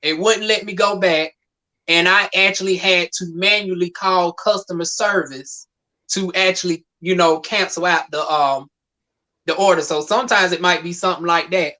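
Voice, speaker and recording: Bright-voiced chatty speaker. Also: mid-range voice, fairly even intonation, normal speed. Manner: chatty, explains at length. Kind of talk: casual chat.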